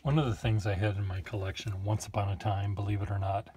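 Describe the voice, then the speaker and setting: A man's voice: fairly low pitch, little pitch movement, fast talker, warm tone, a little hiss or hum. A man casually showing his collection of old pens, rambling with joking asides. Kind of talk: casual show-and-tell.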